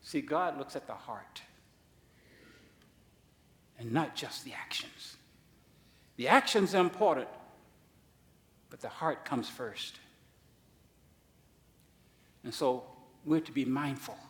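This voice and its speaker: A man pastor preaching a sermon, swinging from soft asides to loud, high-pitched emphasis. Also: lively intonation, takes it slowly, pauses often. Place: church sanctuary. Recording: echoey church hall.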